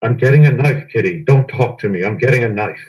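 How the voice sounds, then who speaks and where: A man's voice: medium pitch, expressive, quick pace, a little mellow, poor audio. A man co-hosting a casual livestream, teasing and goofy as he reads out chat messages. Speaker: co-host reading chat.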